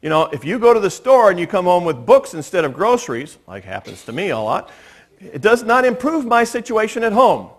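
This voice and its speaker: A man preaching a sermon as pastor, relaxed and conversational, mixing humor and stories into his teaching in a church. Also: high voice, a little fast. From United States. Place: church sanctuary.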